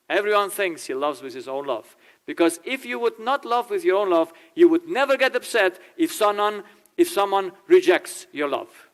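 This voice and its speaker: German-accented man giving a lively talk. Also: high voice. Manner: animated, laughing, acts out dialogue in changing voices. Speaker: family therapist speaking to a church audience. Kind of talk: informal talk with acted quotes.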